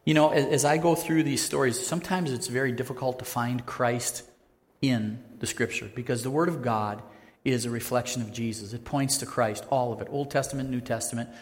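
A man preaching a sermon in an earnest, conversational way that rises to loud, emphatic peaks. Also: mid-range voice, steady tone, a little fast. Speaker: pastor. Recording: long hall reverb.

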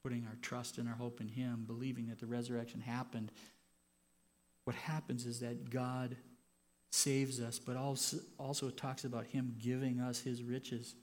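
A man preaching a sermon as pastor in a church, moving from quiet, personal reflection to loud, impassioned stretches. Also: mid-range voice, flat delivery, normal speed.

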